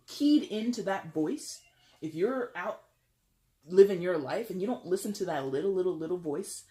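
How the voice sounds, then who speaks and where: A tarot reader giving a casual, chatty reading, animated and jokey. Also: medium pitch, moderate pace.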